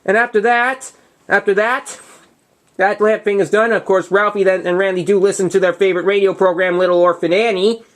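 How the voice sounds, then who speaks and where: A young man hosting his own movie review, retelling a plot in a casual, halting way full of restarts and false starts. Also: sits high, steady tone, a bit bright.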